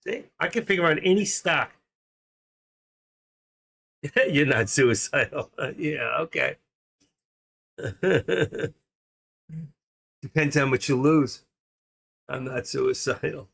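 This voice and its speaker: A man's voice: a little high, lively intonation, slow, vocal fry, pauses often, a bit bright, breathy edge. A man with a New York accent from Queens hosting a trading livestream, rambling and joking as he thinks aloud. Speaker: stock trading livestream host. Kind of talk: casual livestream chat.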